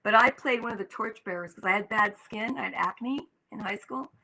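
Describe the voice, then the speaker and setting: An older actress tells stories in an interview, animated and vivid. She acts out the voices of the people she quotes. Her tone is bright and forward. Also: medium pitch, moderate pace, low-quality recording. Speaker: guest actress. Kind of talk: storytelling in an interview.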